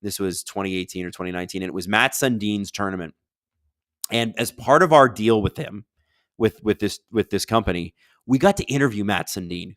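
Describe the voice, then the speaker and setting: A man's voice: lowish voice, no echo, studio quality. A man hosting a live hockey watch-along, chatting casually and reading viewer questions aloud. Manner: energetic, rambling, reads chat questions aloud. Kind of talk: casual live-stream chat and game commentary.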